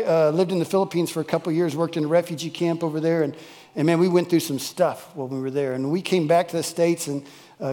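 High-voiced pastor preaching. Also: male voice, darkish tone, big-room sound. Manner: folksy, emphatic, repeats key phrases. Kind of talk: sermon. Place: church worship service.

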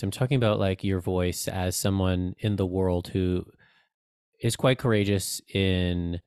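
Male host, very low resonant voice, curious measured questioning, dry studio sound. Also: darkish tone, clean tone, no room sound. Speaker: podcast host. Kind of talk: interview question.

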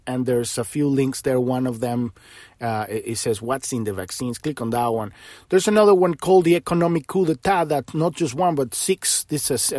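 A man's voice: a little high, dry recording, clean studio sound. A man hosting a podcast, talking in a rambling, impassioned monologue full of restarts and swearing. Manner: swears freely when worked up. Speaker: podcast host.

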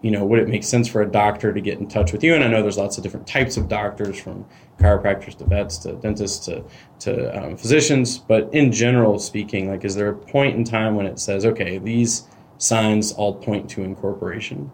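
Canadian advisor hosting a podcast, talks fast, lowish voice, lots of "like", little hiss. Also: male voice. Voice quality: chatty, lots of "like" and "you know". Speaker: financial advisor and podcast host. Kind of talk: podcast interview.

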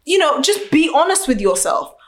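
A young woman talking in a casual chat, outspoken and animated, acting out what other people said. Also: high-pitched, normal speed. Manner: outspoken, animated storyteller, acts out quotes.

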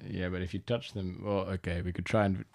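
A man's voice: deep voice, steady tone, vocal fry, darkish tone, no echo, studio quality. A man playing a tabletop role-playing game, eagerly agreeing and describing his character's actions. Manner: eager, quick to agree, laughing. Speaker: player. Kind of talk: casual tabletop game play.

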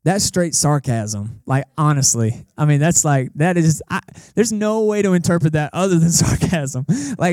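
Young male pastor, mellow and fairly high voice, animated sermon delivery, dry close sound. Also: moderate pace, few pauses, no echo. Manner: animated, conversational preaching with acted-out quotes. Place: church service in a cinema auditorium.

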